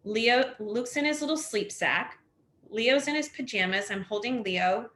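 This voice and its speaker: A woman's voice: on the high side, expressive, unhurried, a bit bright. A woman in her thirties, a house fire survivor, telling her story on a webinar in a rambling way full of fillers like "like" and "next thing you know.". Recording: echoey room.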